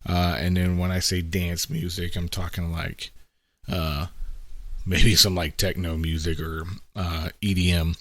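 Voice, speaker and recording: A middle-aged podcast host speaks at a measured pace in a low voice with little pitch movement, and there's no room sound. His monologue is casual and reflective, conversational, peppered with "right?" and acted-out quotes.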